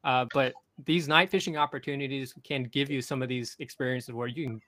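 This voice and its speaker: A young man hosting a podcast, telling a fishing story in an excited, rambling way with many restarts. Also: medium pitch, a little fast, dry recording, low-quality recording. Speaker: podcast host. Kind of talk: casual storytelling chat.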